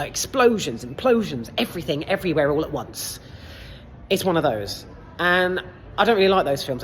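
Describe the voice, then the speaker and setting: A woman with a low voice gives a casual film review in a cinema foyer. She talks hesitantly with plenty of fillers, a lively swinging pitch and the odd swear word, and the long reverb of the hall trails behind her. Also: a little hiss or hum.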